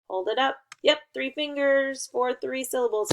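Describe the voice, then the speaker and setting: A woman's voice: sits high, heavy background noise. A young adult woman teaching a phonics lesson to children, sounding out words and praising them. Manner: slow, encouraging, sounding out words.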